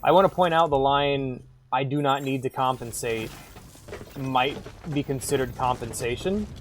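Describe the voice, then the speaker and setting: A man's voice: mid-range voice, a little hiss or hum. A man streaming a game, chatting casually in a rambling, irreverent way and swearing freely. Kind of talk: casual gameplay chat.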